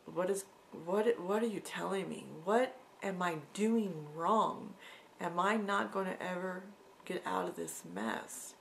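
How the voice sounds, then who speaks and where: A middle-aged woman telling an emotional personal story in a vlog, halting and sometimes dropping to a soft whisper. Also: lowish voice, gravelly, slight background noise. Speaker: vlogger.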